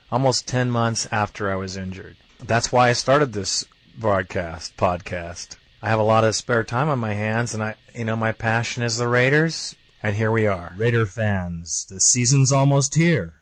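A man hosting a sports fan podcast, talking in a blunt, fired-up, profane way and sometimes stumbling over his words. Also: on the low side. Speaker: podcast host.

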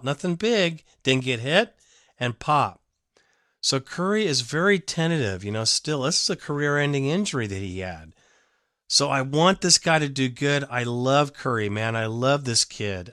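Male podcast host ranting about his team; bright, sharp tone, dry recording, blunt and rambling. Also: medium pitch, dry recording. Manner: emotional, blunt, rambling opinionated fan talk. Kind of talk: fan sports podcast commentary.

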